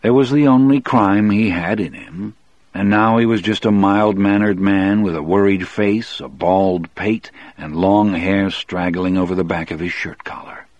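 A man reads a novel aloud in the first person with a measured, deliberate delivery. His voice sits very low for a man. The recording is close and dry, with no room sound. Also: a little mellow, dry recording, highs cut off. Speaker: audiobook narrator.

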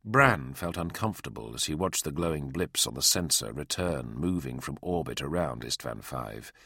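Gravelly, animated male audiobook narrator. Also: rumbling low, moderate pace, no room sound, clean studio sound. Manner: dramatic, expressive storytelling. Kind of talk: scripted narration.

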